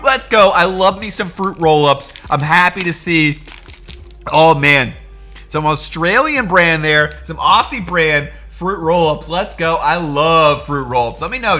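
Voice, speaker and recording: An excitable young male streamer in casual chat mode, calling out viewers by name. His voice sits high and jumps all over the place. Soft music plays faintly behind him. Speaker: livestream host.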